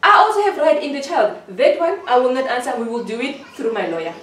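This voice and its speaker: Hurt, accusing woman, high voice in an echoey room. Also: big pitch swings, fast, a bit bright. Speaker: interviewee. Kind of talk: emotional personal testimony. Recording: echoey room, distant mic.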